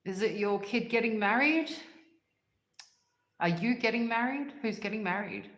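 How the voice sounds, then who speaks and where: A woman's voice: on the high side, expressive, moderate pace, fairly bright tone, echoey room. A woman hosting a livestream, chatting casually and answering live comments in a rambling way and laughing often. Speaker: livestream host.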